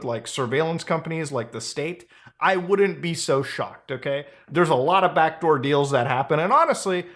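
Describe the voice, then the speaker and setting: Guy ranting casually on his channel, kinda high voice, sarcastic, swears a lot. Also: fairly bright tone. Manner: blunt and sarcastic, swears, jumps up in pitch for emphasis. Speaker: host. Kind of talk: casual commentary.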